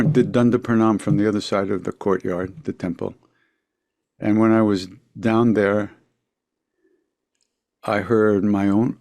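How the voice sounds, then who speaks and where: An older man, telling a story as a podcast guest, reflective, with quiet asides trailing off. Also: on the low side, no room sound. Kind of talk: storytelling in a conversation.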